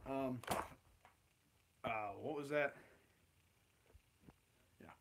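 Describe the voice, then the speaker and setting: A man's voice: medium pitch, extremely slow, noisy background. A man hosting a casual livestream Q&A, chatting in a playful, joking, rambling way. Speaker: host.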